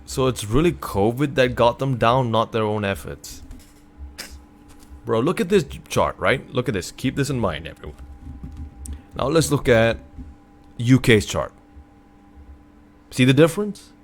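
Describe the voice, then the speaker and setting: A man from North America streaming at his computer, reading a news article aloud and reacting in a casual, exasperated way, sometimes breaking into loud remarks. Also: medium pitch, lively intonation, unhurried, pauses often. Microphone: computer desk mic.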